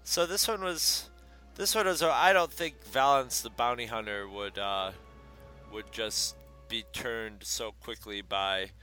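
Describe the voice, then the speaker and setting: Sex: man. Style: casual chat, co-hosting. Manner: rambling, filler-heavy storytelling. Tone: bright. Behind: faint music. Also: medium pitch, slow pace. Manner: rambling retelling with many fillers.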